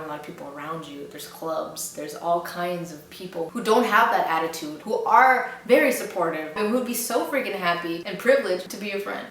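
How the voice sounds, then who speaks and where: A woman's voice: lowish voice, a bit bright, far from the mic. Earnest woman giving advice in an echoey room. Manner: earnest, encouraging, repeats phrases for emphasis. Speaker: advice vlogger. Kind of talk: heartfelt advice monologue to camera.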